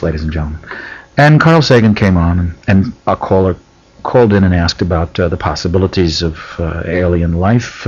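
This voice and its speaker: A man with a husky voice tells a story on a radio talk show, and his pitch swings widely as he leans into each point. He is an animated studio guest. The lo-fi broadcast sound dulls the top end. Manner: animated storyteller, lively emphasis. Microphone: studio microphone.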